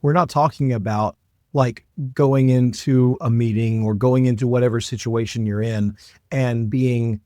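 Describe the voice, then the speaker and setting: Male podcast host, mid-pitched voice, thoughtful and clarifying, dry close mic. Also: steady tone, a little slow, darkish tone, no room sound. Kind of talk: conversational interview.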